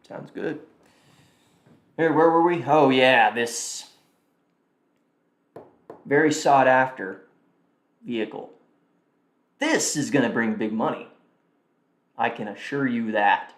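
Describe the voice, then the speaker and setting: A man's voice: mid-range voice, slow pace, pauses often. A man hosting a live stream, chatting casually and thinking aloud as he reacts and mutters to himself. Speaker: livestream host. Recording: roomy echo.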